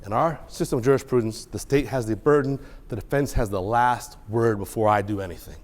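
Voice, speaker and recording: Speaking briskly at medium pitch, a judge addresses students in a courtroom with emotional storytelling, shifting between quiet, choked-up moments and loud, excited ones.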